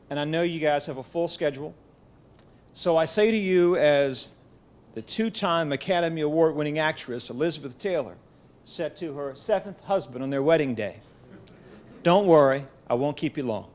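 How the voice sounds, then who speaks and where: A middle-aged man delivers a keynote at a college gathering, his voice sitting a little higher than most men's. He speaks in a measured, storytelling manner, letting gentle humor slip in. He is heard through a podium microphone in an event hall. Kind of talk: formal speech at a podium.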